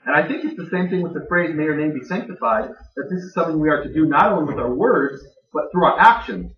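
A man giving a conversational Bible teaching to a live audience, plain-spoken with dry jokes. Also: a little high. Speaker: Bible teacher speaking to a gathering. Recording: dull, echoey room recording from far off.

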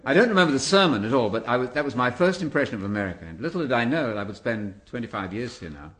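A man's voice: mid-range voice, animated, quick pace, fairly bright tone. Older English man, guest speaker, wry storyteller with audience asides. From England.

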